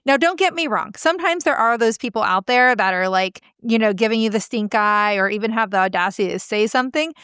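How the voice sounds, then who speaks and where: A woman parenting coach telling stories and giving advice in a podcast interview, earnest and animated, with frequent filler words. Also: fairly high pitch, brisk, few pauses, clear, resonant tone, no echo, clean studio sound.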